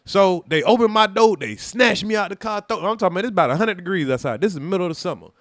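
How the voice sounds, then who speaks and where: Man, high voice, dry and close, tells a story animatedly with lots of cursing. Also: fast, dry recording. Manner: animated, profane, acts out quoted voices loudly. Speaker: livestream host telling a personal story. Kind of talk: casual livestream storytelling.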